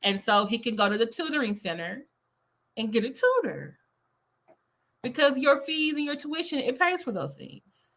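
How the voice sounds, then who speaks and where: A woman's voice: fairly high pitch, big pitch swings, moderate pace, long pauses, a bit bright. A woman teacher giving casual reaction commentary, rambling and skeptical. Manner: rambling, many fillers, skeptical.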